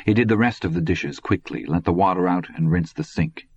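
Man, audiobook narration, husky, very low voice, muffled lo-fi recording. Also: a little fast. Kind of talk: scripted narration. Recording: dull, lo-fi recording.

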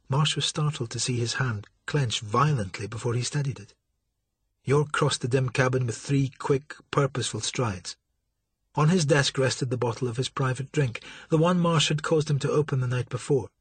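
A man narrating an audiobook in a steady, dramatic storytelling manner, with a husky voice. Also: mid-range voice, moderate pace, dry recording.

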